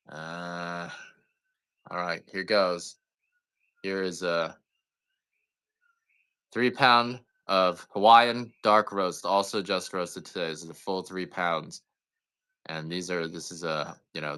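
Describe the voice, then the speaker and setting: A man's voice: low-pitched, bright, forceful tone, smooth. A man chatting casually while selling coffee on a live stream, rambling, joking and swearing now and then. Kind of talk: casual live-sale chat.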